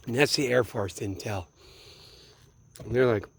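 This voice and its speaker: A man's voice: mid-range voice, a little slow, vocal fry, slightly rough. A man from Minneapolis in a meandering, late-night solo monologue, swearing freely and often trailing off mid-thought. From Minneapolis, USA. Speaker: vlogger.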